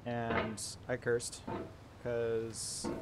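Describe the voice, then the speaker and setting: A man's voice: medium pitch, completely flat delivery, extremely slow. A young man giving gameplay commentary, frustrated and repeating reassurances to himself. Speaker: gaming YouTuber. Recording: loud background noise.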